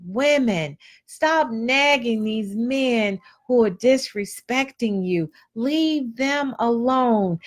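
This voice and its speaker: Woman host, measured pace, blunt motivational delivery. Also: high voice. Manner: preachy and blunt, colloquial, repeats phrases. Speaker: host of a live motivational stream. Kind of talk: casual motivational talk.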